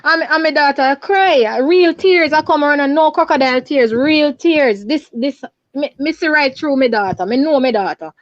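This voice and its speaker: A woman's voice: high voice, normal speed, few pauses, no room sound. A Jamaican woman calling in by phone, recounting events in an urgent, repetitive way. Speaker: caller. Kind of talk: distressed phone interview. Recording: dull lo-fi phone line.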